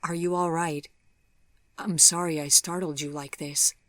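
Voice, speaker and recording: A woman voicing a young man who speaks gently and hesitantly, apologizing. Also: low-pitched, little pitch movement, unhurried, dry recording, studio quality. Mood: gentle. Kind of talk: audiobook character voice.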